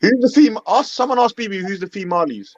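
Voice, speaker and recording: A man's voice: sits high, lively intonation, fast, a little hiss or hum. Goading man on a dull line. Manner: pushy, goading, joking. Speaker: live stream panelist. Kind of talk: casual group call banter.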